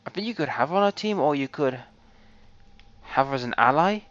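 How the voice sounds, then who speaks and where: A man's voice: on the high side, animated, brisk, fairly bright tone, no echo. A man hosting a let's play, giving casual gameplay commentary and muttering to himself as he explores. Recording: dull lo-fi recording.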